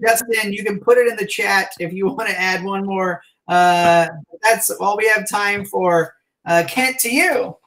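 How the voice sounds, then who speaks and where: High-pitched guy emceeing a virtual improv show, quick upbeat patter, video call mic. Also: a bit bright, a little hiss or hum, rough recording. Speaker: co-host and director of the improv troupe. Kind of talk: hosting a live online improv show.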